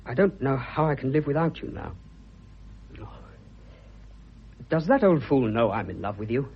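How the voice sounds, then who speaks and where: An actor playing a blunt, boyish young man declaring his love, with a husky voice, in a vintage radio drama. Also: medium pitch, very animated, moderate pace. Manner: bluff, fervent, stammering when moved. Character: eager young male suitor, blunt and boyish. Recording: dull lo-fi old radio recording.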